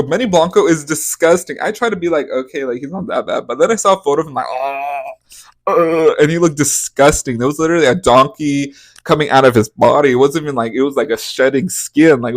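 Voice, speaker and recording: A man's voice: medium pitch, no echo. A young man hosting a podcast, giving casual, profane celebrity gossip commentary with dramatic, exaggerated outbursts. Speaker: podcast host.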